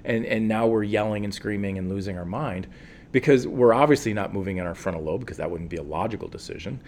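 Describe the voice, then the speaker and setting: Male counselor, interview guest, lowish voice, calm and earnest, thinks aloud with fillers. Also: a little hiss or hum. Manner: calm, earnest, reflective, with many fillers and restarts. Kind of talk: interview answer.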